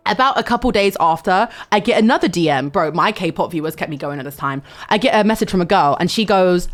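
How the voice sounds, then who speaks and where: A young woman, telling a story to her stream in a loud, animated way, with swearing and sudden shouts. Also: medium pitch, quick pace, few pauses. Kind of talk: casual storytelling chat.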